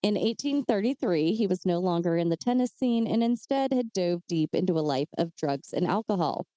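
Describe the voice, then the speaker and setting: A woman's voice: lowish voice, lively intonation, a little fast, dark tone, no room sound. A woman co-hosting a podcast, telling true crime cases in a casual way with chatty asides. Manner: reads case details with chatty asides and fillers. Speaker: podcast co-host.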